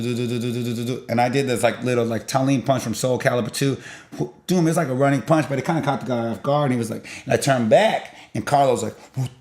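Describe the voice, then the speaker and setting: A young man telling a long story in a loose, rambling way, full of filler and sound effects. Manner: rambling, peppered with "blah blah" and "boom"; animated, jumps in loudness while retelling. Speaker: vlogger.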